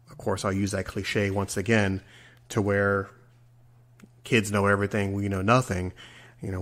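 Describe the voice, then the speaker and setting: A man in his forties hosting a solo podcast, earnest and rambling, sometimes stumbling over his words. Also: on the low side. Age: 40s. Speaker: podcast host. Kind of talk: reflective solo podcast monologue.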